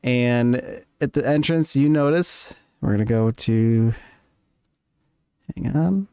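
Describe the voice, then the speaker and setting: A man narrating as game master, often pausing and correcting himself as he goes. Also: medium pitch, dark tone, clear, resonant tone, no echo, studio quality. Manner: halting, self-correcting, apologetic.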